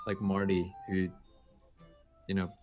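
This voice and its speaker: A man's voice: deep voice, completely flat delivery, takes it slowly, darkish tone, highs cut off, faint music behind. A man hosting a casual gaming podcast, teasing his co-hosts with mock-dramatic build-ups. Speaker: podcast host. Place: home studio, streaming live.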